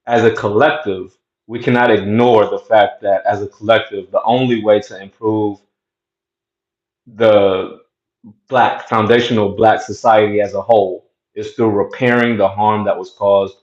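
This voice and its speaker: A man hosting his own show, telling a childhood story in a conversational way and then making his point. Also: on the low side. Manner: conversational, animated when telling stories. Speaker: host. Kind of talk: casual commentary with storytelling. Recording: echoey room, slightly dull sound.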